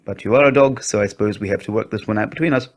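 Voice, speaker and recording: A man's voice: on the low side, rapid-fire, close to an everyday voice. Storybook unicorn: a male creature, blunt and tactless, dry matter-of-fact delivery, read by a man.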